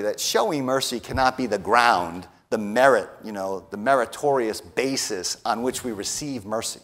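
A man preaching a sermon who often tags his points with a quick question and swings between hushed lines and raised declarations. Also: medium pitch. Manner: emphatic, often adds a tag question "right?".

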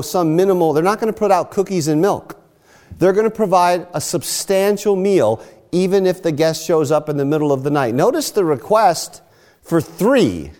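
Male preacher, expository sermon, animated rising and falling delivery, slightly high voice. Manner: expository, explains scripture step by step.

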